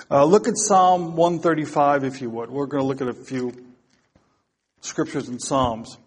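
A man's voice: on the high side, fairly even intonation, normal speed, husky. A man preaching a topical sermon, talking casually to his congregation and then reading psalms aloud with rising emphasis.

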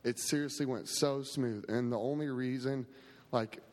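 A man's voice: medium pitch, steady tone, moderate pace, a little mellow. A man on a church camp staff giving a casual, grateful testimony to a congregation, full of "like" and "um". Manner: casual, grateful, many fillers. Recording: long hall reverb.

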